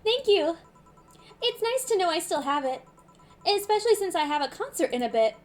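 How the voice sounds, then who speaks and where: A woman's voice: extremely high pitch, sing-song, normal speed, soft background music. A woman voicing a bubbly, showy young female pop idol as she reads a visual novel aloud, with a theatrical, sing-song delivery. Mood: breezy.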